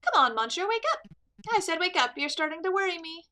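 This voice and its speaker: A woman's voice: extremely high pitch, sing-song, a little fast, voice pushed up, heavily acted. Woman voicing a chatty kingfisher fisherman. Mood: caring. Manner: bright, eager chatter. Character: friendly male kingfisher fisherman, chatty and caring. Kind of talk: game dialogue read aloud.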